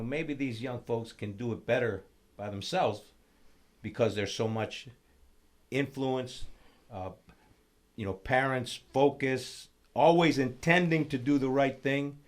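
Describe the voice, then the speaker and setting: A man's voice: medium pitch, a little slow. A man co-hosting a podcast, asking and reflecting in a thoughtful, hesitant way. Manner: thoughtful, hesitant, lots of fillers and restarts. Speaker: podcast co-host. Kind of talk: casual podcast conversation.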